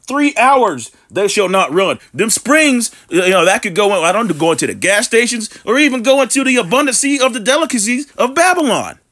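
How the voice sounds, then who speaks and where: A male preacher with a high, sharply bright voice that swings widely up and down. He delivers an online sermon, reading scripture aloud and firing off emphatic rhetorical questions laced with street slang.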